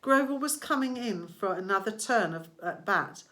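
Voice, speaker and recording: A woman narrating a story aloud in a slow, deliberate reading voice. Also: mid-range voice, lively intonation, fairly bright tone. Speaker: audiobook reader. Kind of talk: scripted narration.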